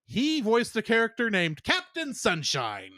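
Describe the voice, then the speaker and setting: A chatty male podcast co-host with a high, bright voice that rises and falls a lot. He laughs easily as he reels off trivia, and the sound is dry and close to the mic. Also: wildly swooping pitch, unhurried, no echo. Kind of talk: casual podcast chat.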